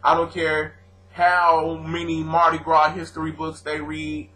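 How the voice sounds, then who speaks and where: This young adult vlogger, born in Louisiana and raised on the US West Coast, has a fairly high voice and a measured pace, captured in poor audio. He answers his commenters directly in an animated, slangy, argumentative video rant.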